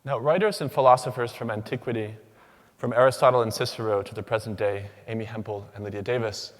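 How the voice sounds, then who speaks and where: A young man delivers a prepared academic lecture in a fairly low voice, pacing his words in measured, rhythmic phrases. His voice carries the long reverb of a large lecture hall. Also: fairly even intonation. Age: young adult. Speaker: PhD candidate giving a symposium talk.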